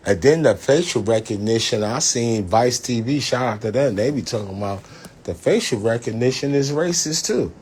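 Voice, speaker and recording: A man's voice: lowish voice, darkish tone, slight background noise. A man hosting a casual livestream, rambling and profane, laughing often as he talks. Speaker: livestream host.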